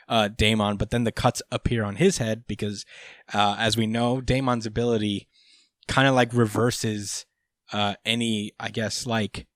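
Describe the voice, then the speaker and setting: A man's voice: fairly low pitch, no echo. A young man hosting a podcast, recapping a chapter in rambling casual chat with many fillers and casual swearing. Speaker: podcast host.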